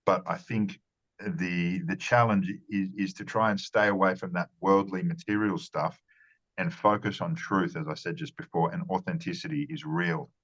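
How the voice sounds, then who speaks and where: A man's voice: sits low, fairly even intonation, normal speed, fairly bright tone, dull audio. A man giving earnest conversational interview answers as a marketing strategist, often repeating words and restarting phrases.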